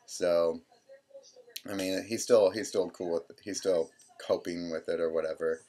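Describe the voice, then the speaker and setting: A man's voice: deep voice, level tone, unhurried, dark tone. A man in his twenties telling a personal story casually, rambling and quoting people. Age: 20s. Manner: rambling, full of "I'm like" quotes. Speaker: vlogger.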